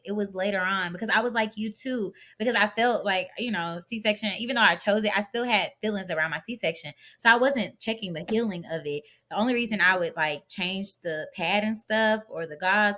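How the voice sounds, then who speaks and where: Bright-voiced chatty woman. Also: mid-range voice. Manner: chatty and animated, with many fillers and restarts. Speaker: podcast guest. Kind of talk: casual conversational storytelling.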